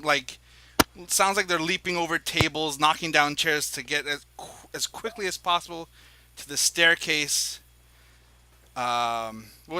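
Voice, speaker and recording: A man's voice: a little high, bright, forceful tone, clean tone, low-quality recording. A man narrating as dungeon master in a tabletop game, describing scenes in a rambling, hesitant way with many fillers.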